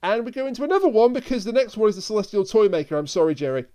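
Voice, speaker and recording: A man co-hosting a podcast, chatting casually and adding wry, quick asides. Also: high voice, animated, dark tone, smooth. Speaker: podcast co-host. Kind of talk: casual chat.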